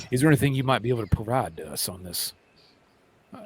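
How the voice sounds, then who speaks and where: A man playing at a tabletop game, asking quick, stumbling questions. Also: mid-range voice, slight background noise. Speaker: player. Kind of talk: casual play at a tabletop game.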